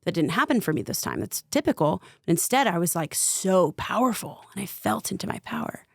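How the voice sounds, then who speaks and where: Casual young woman rambling thru a story, kinda husky fry in her voice, dry sound. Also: on the low side, lively intonation, a little fast, no room sound. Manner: chatty, fillers of "like", vivid retelling. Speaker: podcast guest, spiritual coach.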